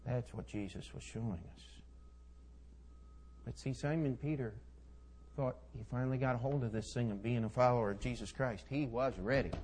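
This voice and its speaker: A husky, medium-pitched man preaches a sermon at normal speed, retelling scripture with folksy side comments and dramatic shifts between hushed and booming delivery.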